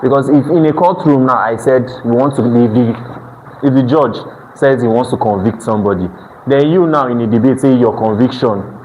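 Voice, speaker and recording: A man's voice: medium pitch, normal speed, a little mellow, rough recording. A man with a Nigerian accent, teaching an evening exam-prep class, who keeps checking in with his students and restarts his phrases. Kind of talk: classroom lecture. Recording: faint background noise.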